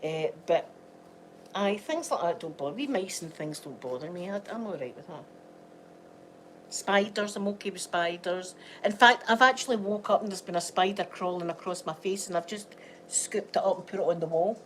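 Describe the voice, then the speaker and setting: A woman's voice: on the low side, expressive, normal speed, fairly bright tone, slight background noise. A woman with a Scottish accent, unwell, chatting casually and rambling in a home vlog. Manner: chatty, rambling, laughs often. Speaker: vlogger.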